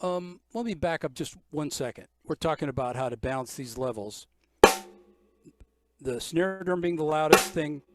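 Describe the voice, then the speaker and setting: A man's voice: a little high, moderate pace. An older man giving a drum lesson, explaining ideas step by step and counting beats aloud. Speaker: drum teacher. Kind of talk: drum clinic instruction. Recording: music from the drum kit in the background.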